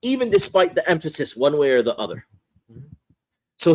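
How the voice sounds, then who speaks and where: A man teaching a religious course, explaining a text in an unhurried lecture and often repeating phrases and asking "right?". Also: a little high, big pitch swings, slight background noise, poor audio. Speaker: Islamic scholar teaching a course.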